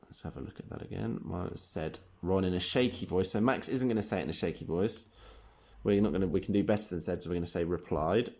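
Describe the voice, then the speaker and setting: A man teaching a primary school writing lesson, explaining each step clearly while he types. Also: sits low, fast, darkish tone. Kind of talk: recorded online lesson.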